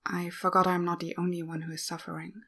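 A woman reading the lines of an ashamed young woman, quiet and contrite. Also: on the low side, flat delivery, quick pace, creaky, full character voice.

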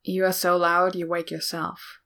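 A woman reading a gruff, steady older male warrior, blunt and dry. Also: on the low side, a little slow, exaggerated voice. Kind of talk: audiobook-style fan fiction reading.

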